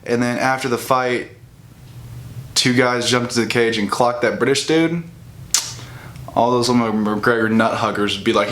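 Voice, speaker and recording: A young man rants straight to camera in a heated, profane way. His voice sits at an ordinary middle pitch, and he stumbles and restarts as he builds his case. He speaks like a casual vlogger, mocking the people he disagrees with. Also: a little slow, long pauses, fairly bright tone. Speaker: bodybuilding vlogger. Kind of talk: ranting casual commentary.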